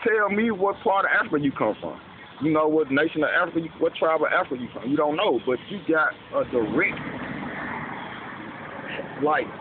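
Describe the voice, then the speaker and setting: Man preaching in street slang, tinny noisy recording. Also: fairly high pitch. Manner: preachy, street slang, repeats "you know what I'm saying". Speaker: speaker explaining a belief. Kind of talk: casual monologue. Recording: tinny lo-fi with loud background noise.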